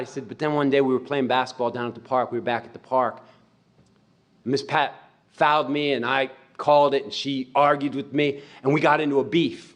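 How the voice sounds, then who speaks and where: A man giving an animated storytelling talk, retelling a friend's words with frequent "he said.". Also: medium pitch, a little fast. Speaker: speaker.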